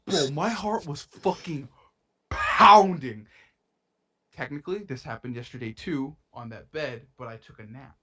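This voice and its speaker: A young man co-hosting a podcast speaks at a measured pace in a medium-pitched voice over a noisy background. His nose sounds a bit stuffy as he tells a rambling story in casual chat, full of swearing and slang.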